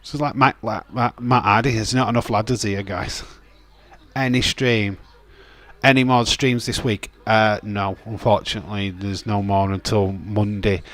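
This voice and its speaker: A young male streamer comments casually on a wrestling watch-along he's hosting. His voice is lowish and a bit bright, with fairly even intonation and a moderate pace, and he rambles chattily, swearing, laughing, and reading from chat.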